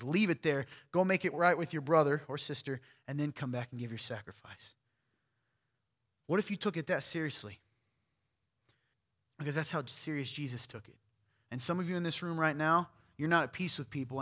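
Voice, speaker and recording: A man's voice: on the high side, fairly bright tone. A man preaching a sermon to a church crowd, talking in a direct, pointed, conversational way. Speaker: pastor.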